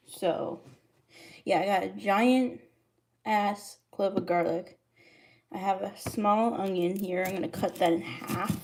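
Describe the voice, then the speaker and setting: A woman's voice: medium pitch, noisy background. A woman cooking on a livestream in her home kitchen, chatting casually as she greets viewers and reads the chat aloud. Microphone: streaming mic.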